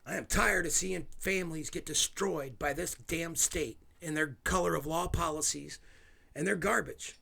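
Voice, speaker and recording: A man's voice: fairly high pitch, normal speed, creaky, sharp tone, breathy edge. A man hosting his own video, ranting angrily with sarcastic asides and swearing. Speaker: video host. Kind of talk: angry ranting commentary.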